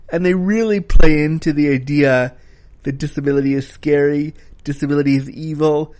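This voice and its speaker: A man talks through a film in a loose, conversational review, sounding frank and openly critical. His voice sits a little high for a man, and he drops the odd swear word as he goes. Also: darkish tone. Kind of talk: casual spoken film review.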